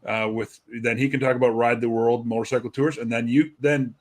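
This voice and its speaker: A man's voice: mid-range voice, steady tone, brisk. A man hosting a livestream over a video call, easygoing and rambling with many fillers. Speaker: livestream host.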